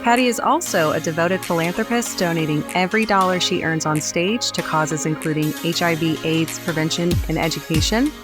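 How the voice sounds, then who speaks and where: A woman hosting a podcast, easygoing and quick to laugh, also reading a scripted outro. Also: on the low side, music in the background. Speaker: podcast host.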